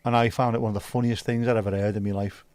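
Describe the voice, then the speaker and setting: A man's voice: lowish voice, little pitch movement, rapid-fire, darkish tone, smooth, no echo. A man hosting a livestream, chatting casually and swearing freely while reacting to viewer comments. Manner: laid-back, sweary banter. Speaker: livestream host.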